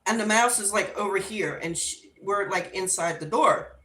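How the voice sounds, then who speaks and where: A woman's voice: medium pitch, moderate pace, pushed and bright. A woman hosting a live stream, telling a story casually and with animation, laughing and acting out voices. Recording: roomy echo.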